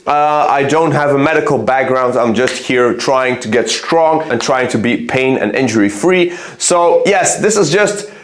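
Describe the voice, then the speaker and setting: A man's voice: medium pitch, measured pace, hardly any pauses, echoey room, a little hiss or hum. A man talking casually to camera about his own training, earnest and thinking aloud as he points to his arms. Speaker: fitness vlogger. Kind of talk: casual explanatory talk to camera.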